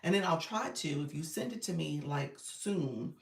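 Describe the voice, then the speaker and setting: A woman's voice: deep voice, normal speed, gravelly, few pauses. A woman coach chatting casually on a live stream, loose and talkative with lots of fillers. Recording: roomy, distant phone audio.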